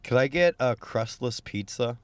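A man's voice: mid-range voice, animated, normal speed, smooth, no echo. A young man from Kansas chatting casually with a friend, laid-back and joking, swearing freely. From Kansas, USA. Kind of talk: casual chat.

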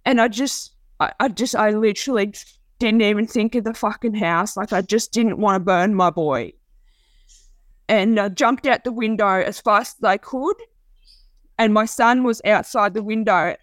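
A woman giving a raw, halting personal account, often restarting and repeating herself. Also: medium pitch, no echo. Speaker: interviewee telling her story. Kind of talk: personal testimony.

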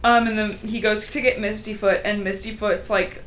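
A podcast co-host with a medium-pitched, fairly even and somewhat bright voice casually recaps a book, quickly retelling it and briefly acting out the characters' lines in cat voices. Slight background noise is audible.

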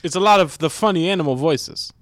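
A man's voice: a little high, fast talker, no echo, natural voice. A man improvising a blunt, bossy chef who has been made ship captain, giving curt, oblivious orders. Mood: deadpan. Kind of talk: improv comedy scene.

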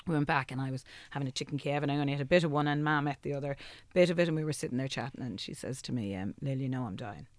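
A woman's voice: sits low, racing, few pauses, no echo. An Irish woman in casual conversation, telling a personal story and acting out the dialogue, emotional and close to tears. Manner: animated storyteller who acts out quoted dialogue.

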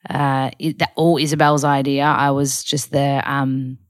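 A woman's voice: extremely low pitch, level tone, measured pace, no echo, studio quality. A woman in her thirties telling a story in a casual vlog, chatty and full of "like" fillers. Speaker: vlogger.

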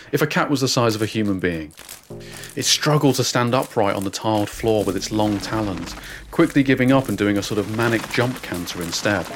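A man narrating a comic first-person story with a deadpan, wry delivery and dry asides. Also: medium pitch.

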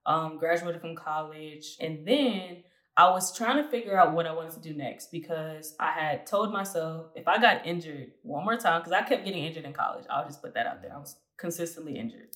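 A woman's voice: deep voice, moderate pace, fairly bright tone. Chatty young woman in a roomy space. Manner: chatty, laughs often, many "like" fillers. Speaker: guest. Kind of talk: casual storytelling interview. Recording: roomy echo.

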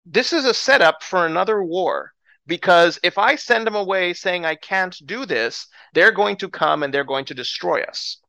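A frightened king coming apart over a threat of war, put on by a man telling the story. The voice jumps up in pitch and races, stacking anxious questions with no answers. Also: lively intonation, moderate pace, gravelly, bright, forceful tone, no room sound, heavily acted. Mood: panicked. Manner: frantic, anguished. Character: panicking male king fearing war.

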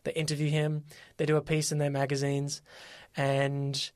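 A podcast co-host, chatting casually and telling stories in an animated way, with plenty of fillers. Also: mid-range voice, normal speed, dry recording, clean studio sound. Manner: animated storyteller, lots of fillers and quoted voices. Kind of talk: casual chat.

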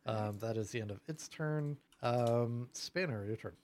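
A man running a tabletop game, narrating at an unhurried pace with many fillers and restarts. His voice is dry and close, with no room around it. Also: medium pitch, darkish tone, no room sound. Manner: casual and halting, full of fillers. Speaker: game master.

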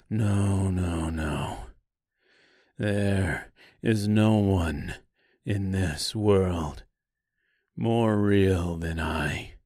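A man voicing a grim male tin man warrior with a slight Southern accent, speaking slowly in a low half-whisper. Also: darkish tone, slightly rough, no echo, clean studio sound, full character voice. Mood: menacing. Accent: slight American Southern.

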